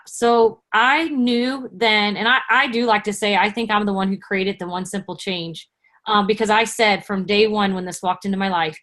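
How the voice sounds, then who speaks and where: A woman's voice: medium pitch, normal speed, fairly bright tone. A woman in her forties telling her personal story on a video call, in an earnest, conversational way. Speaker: guest speaker.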